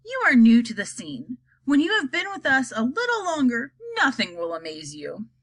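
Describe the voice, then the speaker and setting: A woman's voice: on the high side, wildly swooping pitch, moderate pace, fairly bright tone, full character voice. Mister Wonka, read by a woman. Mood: whimsical. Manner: grand, teasing and theatrical. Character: eccentric male chocolate maker, whimsical.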